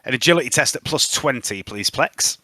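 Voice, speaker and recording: A man's voice: mid-range voice, expressive, fairly quick, pushed and bright, no room sound. A man running a tabletop game as game master, chatty and easygoing, telling anecdotes between dice rolls. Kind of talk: running a tabletop game over casual chat.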